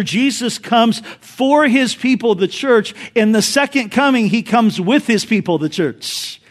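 A male pastor delivering an animated sermon, mixing teaching with a joke story. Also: high-pitched.

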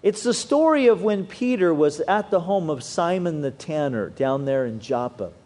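Male preacher, higher-pitched voice, very animated sermon delivery. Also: moderate pace. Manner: animated preaching with wide swings in pitch and loudness. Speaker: pastor.

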